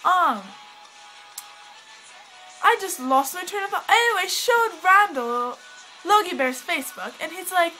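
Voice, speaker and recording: A woman's voice: very high-pitched, expressive, takes it slowly, pauses often, pushed and bright, rough recording. A teenage girl chatting in a rambling, sidetracked way to a friend, with a put-on British accent. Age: teens. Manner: rambling, giggly, easily sidetracked. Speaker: vlogger. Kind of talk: rambling casual vlog to a friend. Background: faint pop music.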